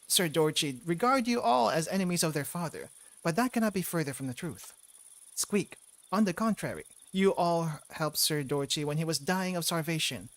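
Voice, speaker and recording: A man doing a formal squeaking mouse count. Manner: stiff old-fashioned formal speech punctuated by squeaks. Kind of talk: reading game dialogue aloud in character.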